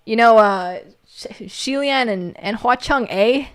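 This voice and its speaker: A woman co-hosting a livestream, reading viewer comments aloud in casual chat. She laughs often and jumps to squeaky exclamations. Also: slow pace, clear, resonant tone. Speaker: livestream co-host.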